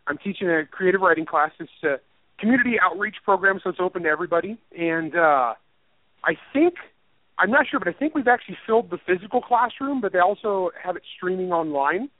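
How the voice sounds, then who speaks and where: A man's voice: high-pitched, expressive, fast talker, dry recording. A man, an author and writing teacher, chatting casually in an interview, rambling and self-deprecating and laughing often. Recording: tinny phone line, dry.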